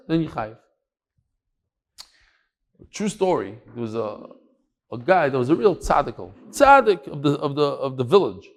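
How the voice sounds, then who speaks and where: Animated man teaching Talmud in a lecture. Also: a little high, a little slow, pauses often. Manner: lively, acts out the voices in his stories, shouts at the climax.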